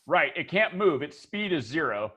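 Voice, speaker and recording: A man narrating as game master, relaxed, thinking aloud with lots of ums and uhs. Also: a little high, moderate pace.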